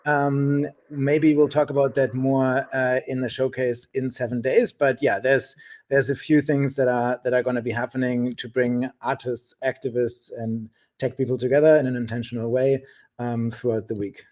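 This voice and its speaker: A man giving a casual update on a livestream, speaking in a relaxed, hesitant way and often repeating words. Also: medium pitch, moderate pace. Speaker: guest co-presenter.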